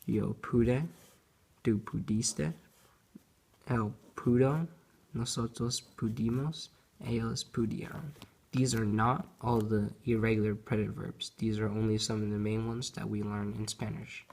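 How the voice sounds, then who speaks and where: Young guy reading a class lesson, slow and careful, husky gravelly voice. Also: on the low side, fairly even intonation, a little mellow. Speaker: student presenter. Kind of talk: reading a grammar lesson aloud.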